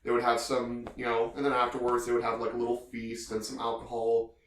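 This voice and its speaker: A man's voice: mid-range voice, completely flat delivery, a little fast, a little hiss or hum. Rambling podcast man in an echoey room. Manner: rambling, heavy on filler phrases. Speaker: podcast co-host. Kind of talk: casual podcast chat.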